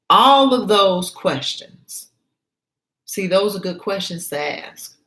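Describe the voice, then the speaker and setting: A woman's voice: medium pitch, animated, slow, fairly bright tone, echoey room, rough recording. A woman author reading her own story aloud and stopping to comment, repeating her points emphatically and checking that the listener follows.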